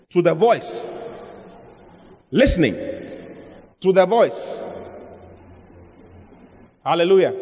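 A man's voice: sits high, darkish tone, slightly rough. A male pastor preaching a sermon, emphatic, repeating his phrases for stress. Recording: long hall reverb.

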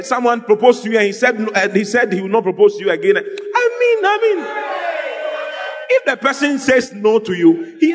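Animated pastor preaching in a hall. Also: male voice, very high-pitched. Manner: animated, exclaiming, jokes with the congregation. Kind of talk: lively sermon. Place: church hall. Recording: long hall reverb, faint music.

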